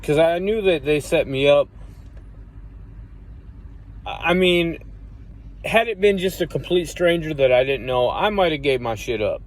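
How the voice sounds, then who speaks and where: A man casually telling a long personal story, cursing often and rambling with restarts. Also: mid-range voice. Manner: profane, rambling, acts out quoted voices loudly.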